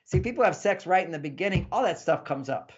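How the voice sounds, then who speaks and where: A man, a relationship author, explaining in an interview in an animated way and acting out couples' dialogue. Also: sits high, fast, husky. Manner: animated, acts out couples' dialogue in varied voices. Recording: dull lo-fi sound.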